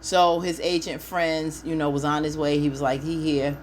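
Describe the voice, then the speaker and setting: A woman's voice: deep voice, little pitch movement, normal speed, slight background noise. A woman hosting a casual TV episode recap, chatty and opinionated, speaking straight to her viewers. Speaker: TV recap host.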